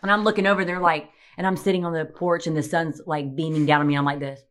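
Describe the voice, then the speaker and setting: Give me a young woman with a fairly low voice, telling a story in a lively, casual way. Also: fast, a little hiss or hum. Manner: animated, swearing, acts out quotes. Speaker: podcast guest telling a story.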